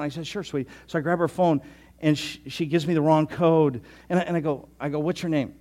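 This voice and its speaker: A pastor in his sixties telling a story in a sermon, chatty, often repeating himself and dropping to a soft voice. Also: on the high side, steady tone, brisk. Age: 60s. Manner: conversational, repeats words, drops to soft tones.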